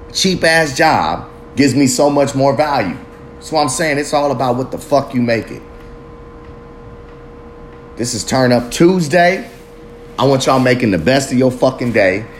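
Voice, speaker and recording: A man's voice: medium pitch, slight background noise. Profane laid-back man musing on a podcast. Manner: loose, profane, street slang, rambling reflective. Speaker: podcast host. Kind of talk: casual solo podcast monologue.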